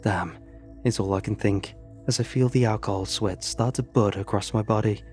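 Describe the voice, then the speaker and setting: A man's voice: lowish voice, steady tone, fairly quick, warm tone, soft background music. A man narrating a first-person horror story in an earnest, tense way.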